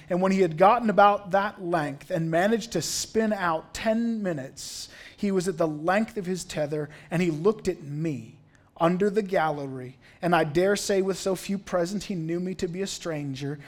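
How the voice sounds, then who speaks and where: Man, pastor, slightly high voice, animated sermon storytelling in a church. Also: normal speed. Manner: animated, reads quotes aloud dramatically.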